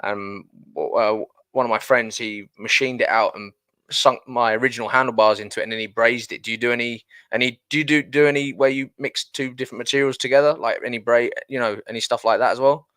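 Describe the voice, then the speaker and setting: A man's voice: mid-range voice, steady tone, brisk, fairly bright tone, no room sound. A man from England, hosting a podcast and chatting casually, with lots of restarts. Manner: rambling, stumbles and restarts often. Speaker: podcast host. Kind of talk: casual interview chat.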